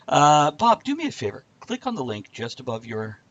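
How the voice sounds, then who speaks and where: A man's voice: mid-range voice, a bit bright, highs cut off. A man co-hosting a live stream, joking casually and greeting viewers in chat by name. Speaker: co-host of a live stream show.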